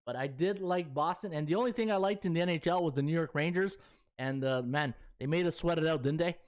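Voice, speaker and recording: A man's voice: a little high, fast talker. A man hosting a sports betting podcast, chatting in a folksy way with lots of fillers. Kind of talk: casual chat.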